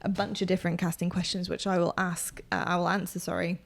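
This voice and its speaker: Young woman casting esports, chatty and lively, talks fast and laughs a lot, casual podcast chat. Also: fairly low pitch, gravelly. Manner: chatty, animated, quick to laugh. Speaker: esports caster and podcast co-host.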